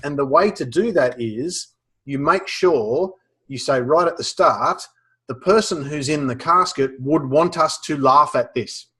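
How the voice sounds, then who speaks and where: An Australian man chatting loosely about using humor on stage. His voice sits a little high for a man. He pauses often and circles back with fillers and false starts. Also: slightly rough. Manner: relaxed, many fillers and restarts. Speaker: guest speaker on humor. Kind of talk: casual advice chat.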